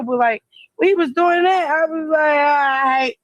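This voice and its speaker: Rambling high-voiced woman, dry sound. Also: fairly quick, no room sound, muffled recording. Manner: rambling, emphatic, repeats herself. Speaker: interviewee in a played clip. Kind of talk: casual livestream talk.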